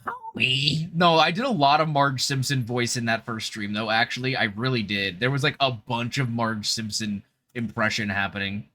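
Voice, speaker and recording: A man's voice: medium pitch, normal speed, hardly any pauses, bright, forceful tone. A young man chatting casually on a gaming livestream into a desk mic, upbeat and full of fillers. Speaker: VTuber streamer.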